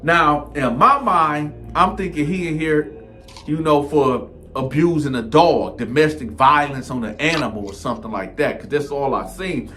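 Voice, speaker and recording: A man telling a comedic story in an animated way, jumping into the voices of the people in it. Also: on the high side, a little hiss or hum.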